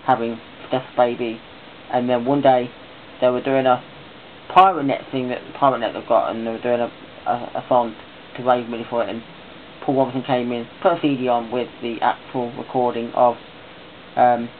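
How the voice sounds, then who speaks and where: A man's voice: medium pitch, flat delivery, normal speed. A man chatting casually in a vlog, rambling and enthusiastic as he talks on. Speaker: vlogger. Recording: tinny phone-like sound with faint hiss.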